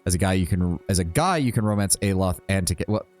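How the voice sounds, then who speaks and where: Man, lower voice, casual let's-play commentary, blunt, chatty, swears freely. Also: expressive, fast, darkish tone, soft background music. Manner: blunt and chatty, swears freely, reads dialogue choices aloud. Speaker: streamer.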